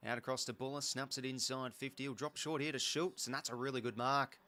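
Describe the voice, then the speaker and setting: An Australian man with a mid-pitched voice hosts a live football watch-along, narrating every passage of play quickly and chattily. He becomes excitable whenever the action picks up.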